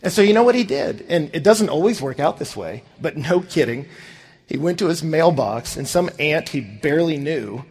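A man's voice: fairly high pitch, moderate pace, breathy edge. A man preaching a sermon, telling stories and acting out the voices of the people in them. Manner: animated, acts out quoted voices. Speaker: pastor. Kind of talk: sermon with storytelling.

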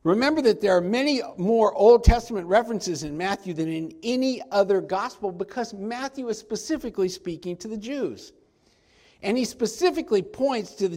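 A male pastor preaching a sermon, emphatic and slowing down to stress key points. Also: high-pitched, a little mellow.

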